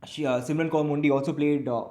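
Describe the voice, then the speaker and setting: A man's voice: a little high, steady tone, fast, warm tone. Man musing in an echoey room. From India. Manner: rambling, many "uh" fillers and restarts. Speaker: basketball commentator and channel host. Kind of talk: casual solo commentary.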